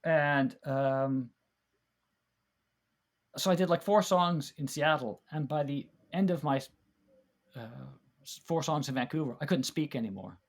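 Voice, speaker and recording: A man's voice: fairly high pitch, a little slow, long pauses. A man as a podcast guest, telling stories in a rambling way with many restarts. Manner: rambling, warm storytelling with many restarts and fillers. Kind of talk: casual chat, reminiscing.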